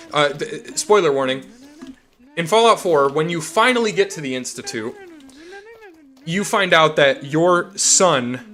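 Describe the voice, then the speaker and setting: Bright-voiced man ranting casually. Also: a little high. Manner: rambling, profane ranting. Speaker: streamer. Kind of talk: casual game chat.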